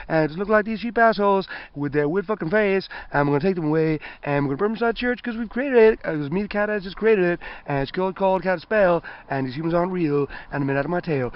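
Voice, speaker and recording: High-voiced man, rapid-fire improvised rant, crude and rambling, dull lo-fi sound. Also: clear, resonant tone, dry recording. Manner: rambling, profane stream of consciousness. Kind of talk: improvised spoken-word rant.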